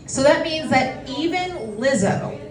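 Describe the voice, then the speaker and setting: Woman stand-up comic, quick and self-deprecating, fairly high voice, echoey and a bit distant. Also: animated. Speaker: stand-up comedian. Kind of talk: stand-up comedy set. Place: comedy show in a bistro. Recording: echoey room from a distance, loud crowd.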